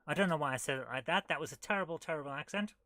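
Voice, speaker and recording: A woman's voice: sits low, rapid-fire, a bit bright, no room sound. A woman streaming retro games, thinking aloud as she plays and reacting with amused disbelief. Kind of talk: casual live gameplay commentary.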